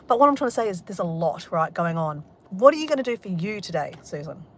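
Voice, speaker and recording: A woman's voice: on the low side, very animated, fast talker. A woman vlogging in casual talk, candid and emotional, and swearing freely.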